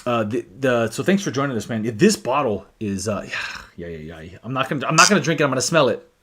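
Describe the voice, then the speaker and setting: A man talks casually on a live stream about whiskey, reading viewer comments aloud as he goes. His voice sits in a mid-range pitch, and his speech is loose and chatty, full of restarts and fillers. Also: big pitch swings, fast, pushed and bright, breathy edge. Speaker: whiskey channel host.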